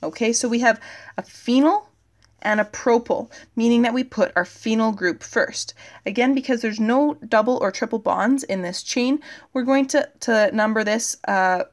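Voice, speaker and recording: A woman teacher giving a recorded chemistry lesson, thinking aloud as she writes on the board and filling pauses with "okay" and "uh". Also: fairly high pitch.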